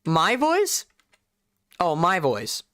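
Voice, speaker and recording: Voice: mid-range voice, wildly swooping pitch, drawn-out words, a bit bright, dry recording, studio quality. A streamer with a light Southern US accent, from the South, giving rambling, self-deprecating live-stream commentary to chat.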